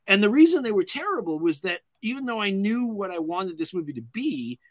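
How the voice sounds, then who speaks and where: A middle-aged man, a filmmaker guest, telling anecdotes in an animated way and acting out other people's lines. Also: high-pitched, fairly quick, no echo. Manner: acts out other people's lines in lively voices.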